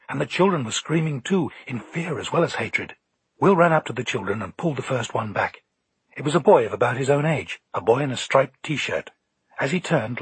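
Man, audiobook narrator, very husky voice, calm measured telling, dry close sound. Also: medium pitch, dry recording.

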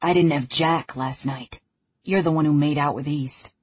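A woman reading the lines of a cocky, arrogant young man in an audiobook, clipped and gruff. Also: sits low, steady tone, moderate pace, a little mellow, highs cut off.

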